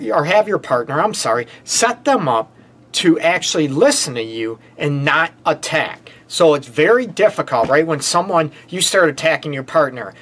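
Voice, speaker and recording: A middle-aged man, a relationship counselor, giving casual advice to a live online audience, energetic and repetitive, checking in with "right?" and "okay?". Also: fairly high pitch. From United States.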